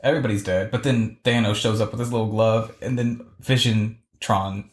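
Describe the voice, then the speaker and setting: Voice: mid-range voice, fairly even intonation, normal speed. A podcast co-host in casual chat, laid-back and blunt, laughing often while recapping an episode. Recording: roomy echo.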